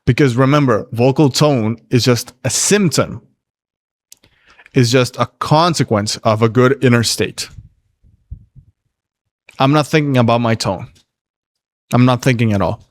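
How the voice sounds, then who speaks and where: A man's voice: mid-range voice, a little slow, pauses often, no room sound. A man coaching on dating during a casual livestream Q&A, reading viewer questions aloud and answering in a blunt, profane, laid-back way.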